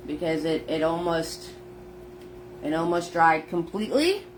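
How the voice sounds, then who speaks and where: This painting instructor has a deep, lively voice and an unhurried pace, recorded on a phone against a noisy background. Teaching live, she narrates every step chattily and says hello to viewers by name.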